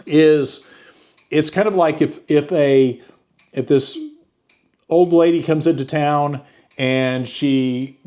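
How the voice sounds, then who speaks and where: A man casually talking through a book review, halting often with fillers and restarts. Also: medium pitch, a little mellow. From United States.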